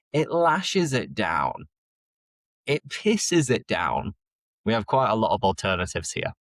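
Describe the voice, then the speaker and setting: Slow, lively Yorkshire-accented English teacher. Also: male voice, medium pitch, no room sound. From northern England. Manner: slow, clearly enunciated teaching with drawn-out key words. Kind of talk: podcast lesson.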